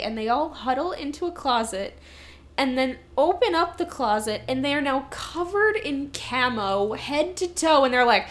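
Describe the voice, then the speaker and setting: A woman's voice: high voice, measured pace. A woman in casual chat retelling a movie, acting out its lines as she goes. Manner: animated storytelling, acting out lines with laughs. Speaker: podcast co-host reviewing a movie.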